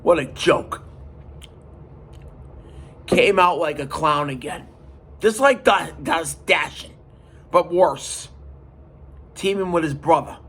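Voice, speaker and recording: A man hosting a podcast, retelling a story in an animated, emphatic way. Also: fairly high pitch, takes it slowly, pauses often, husky. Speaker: podcast host. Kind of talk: casual storytelling.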